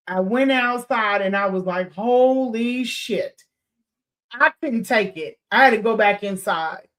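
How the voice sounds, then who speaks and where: A podcast host with a higher voice tells her listeners a story casually and with animation. She swears freely, laughs, and acts out quotes.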